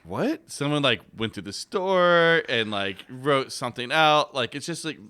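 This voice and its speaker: A man's voice: medium pitch, lively intonation, moderate pace, bright, forceful tone, clear, resonant tone. A man co-hosting a casual podcast, laid-back and teasing, with a lot of "like" in his talk. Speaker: podcast co-host.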